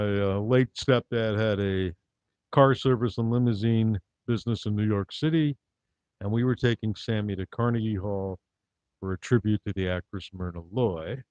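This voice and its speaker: Deadpan stand-up man, dry lo-fi sound. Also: fairly low pitch, no echo. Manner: wry, deadpan, rambling one-liners. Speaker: comedian. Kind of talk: live-streamed stand-up comedy. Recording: dull dry lo-fi recording.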